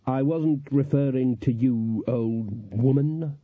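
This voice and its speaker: An actor playing a cold, haughty older female witch, speaking in a cool, measured and superior way. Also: on the high side, expressive, breathy edge, no echo, pitched above the performer's own voice. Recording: dull, dry lo-fi recording.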